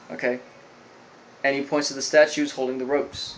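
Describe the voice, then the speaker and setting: A man casually talking through a recap of a show episode at a mid-range pitch. He rambles, piles on fillers and restarts, and slips into quick paraphrased lines for the characters. A faint hiss sits under his voice. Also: little pitch movement, fairly bright tone, rough recording. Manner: rambling, filler-heavy retelling with loose quoted lines. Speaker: anime episode reviewer.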